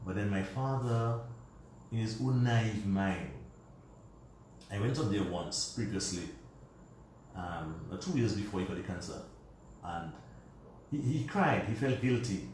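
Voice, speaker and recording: A man's voice: on the low side, animated, a little slow, pauses often, a little mellow, slight background noise. A man from Dominica, a guest on a radio show, telling a personal family story in a meandering, colloquial way. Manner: puts on his father's voice when quoting him. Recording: very roomy recording from a distance.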